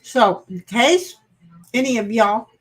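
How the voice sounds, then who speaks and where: A woman streams on her own from home and talks to her chat in an easy, unhurried way. Her voice sits a little high, and she drifts from one thought to the next. She is playfully confused and quick to laugh at herself. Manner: rambling, self-deprecating, playfully confused. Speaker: livestream host chatting with viewers. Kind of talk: casual chat reading out viewer comments.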